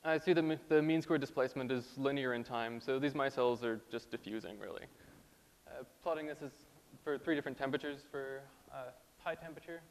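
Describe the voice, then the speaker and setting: A man presenting a scientific talk at a conference, halting at times with fillers and restarts. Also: mid-range voice. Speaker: conference speaker. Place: lecture hall. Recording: hall reverb, faint hiss.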